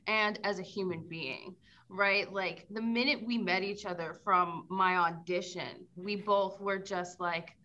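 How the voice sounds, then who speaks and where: A woman's voice: mid-range voice, steady tone, unhurried, hardly any pauses, sharp tone, lo-fi sound. An actress being interviewed, speaking in an earnest, heartfelt way about working with her co-star. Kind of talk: casual interview chat.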